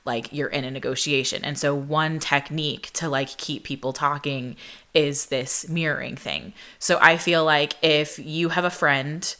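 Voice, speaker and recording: A young woman hosting a podcast, telling a story in casual chat, full of "like" fillers and quoting people in higher, sharper voices. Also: fairly even intonation, measured pace, pushed and bright. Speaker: podcast host.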